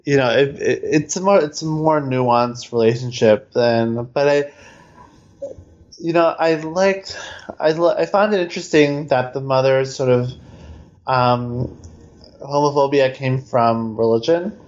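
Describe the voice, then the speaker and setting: Male podcast co-host, muffled line, reflective and halting. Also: medium pitch, darkish tone. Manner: thoughtful, halting, frequent restarts. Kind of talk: casual film discussion.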